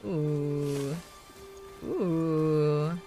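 A woman's voice: deep voice, fairly even intonation, very slow, dark tone, soft background music. Chatty American woman streamer. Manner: chatty, giggly, talks to chat. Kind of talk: casual gaming commentary.

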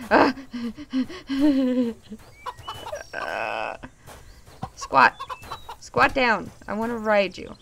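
A young woman giving casual game commentary, excitable, swearing, laughing and yelping at scares. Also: a little high, extremely slow, creaky, long pauses, a little hiss or hum. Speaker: gaming YouTuber.

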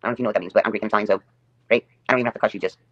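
A woman's voice: rumbling low, steady tone, racing, dull audio. A woman hosting her own livestream, delivering a sarcastic, taunting rant and repeating her jabs over and over. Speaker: livestream host.

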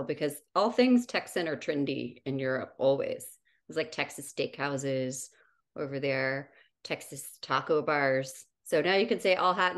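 A woman co-hosting a podcast in casual chat, playful and quick to laugh. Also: deep voice, fairly bright tone. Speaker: podcast co-host.

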